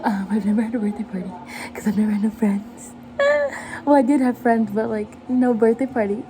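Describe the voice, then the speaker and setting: A woman's voice: on the high side, mellow, a little hiss or hum. A woman in her twenties chatting casually while cooking at home, rambling and self-mocking and laughing often. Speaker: vlogger. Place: home kitchen.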